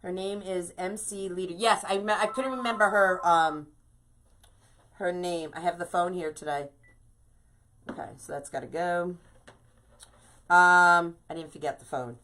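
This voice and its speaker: A woman's voice: lowish voice, unhurried, long pauses, pushed and bright. A woman from New York hosting a live craft stream, chatting bubbly and casual and greeting viewers by name.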